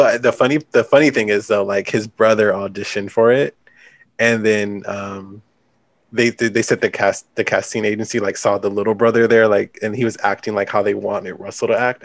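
A man's voice: fairly low pitch, steady tone, moderate pace, dry recording. A man hosting a casual chat about a film, talking loosely with lots of fillers. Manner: chatty, leans on "like". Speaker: podcast host.

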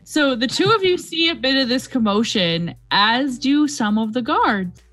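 A woman narrating as game master of a tabletop game, brisk and amused. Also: sits high, expressive, a bit bright.

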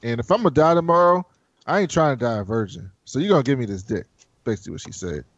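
A man hosting a casual chat, recapping a show in a profane, animated way and acting out the characters' lines. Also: mid-range voice, fast talker, dry recording, muffled recording. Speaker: podcast host.

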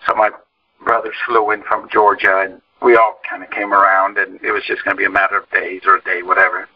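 Husky man preaching a testimony. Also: low-pitched, little pitch movement. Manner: emotional storytelling, halting restarts. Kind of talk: testimony sermon. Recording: distant, dull lo-fi sound.

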